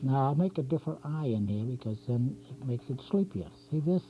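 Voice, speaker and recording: A man of ordinary pitch hosts a cartooning lesson, talking his way easily through every line he puts down. The sound is dull and lo-fi, like an old public-access TV tape, with a faint hum beneath him. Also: lively intonation, fairly quick. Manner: chatty, narrates each stroke as he draws. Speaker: drawing instructor and show host. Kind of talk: step-by-step drawing lesson.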